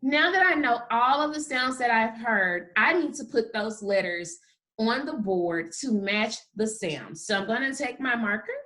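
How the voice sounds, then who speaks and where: A woman teaching a kindergarten phonics lesson, sounding out letters slowly and praising often. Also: fairly high pitch, expressive, pushed and bright. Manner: slow, drawn-out sounding of letters with frequent praise. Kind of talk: phonics lesson for young children.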